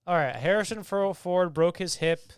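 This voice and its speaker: Smooth-voiced young man, animated podcast chat. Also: high-pitched, moderate pace, no room sound, clean studio sound. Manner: animated, swearing, acts out scenes. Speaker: podcast co-host. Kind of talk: casual chat.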